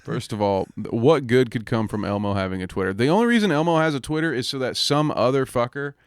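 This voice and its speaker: A man's voice: medium pitch, fast, smooth, no room sound. A young man co-hosting a casual podcast with dry, sardonic commentary. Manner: sardonic, wry running commentary. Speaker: podcast co-host. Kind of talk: casual chat.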